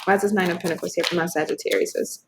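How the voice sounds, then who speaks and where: A woman's voice: lowish voice, fairly even intonation, racing, background noise. A woman giving a casual tarot reading to camera, effusive and swearing freely as she talks straight to her viewers. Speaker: tarot reader. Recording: echoey room.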